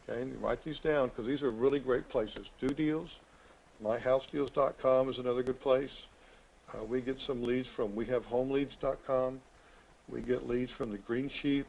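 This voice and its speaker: A man's voice: mid-range voice, gravelly, a little mellow. A man hosts an online real estate coaching call, talking in a folksy, rambling, chatty way. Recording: tinny phone-like web call audio.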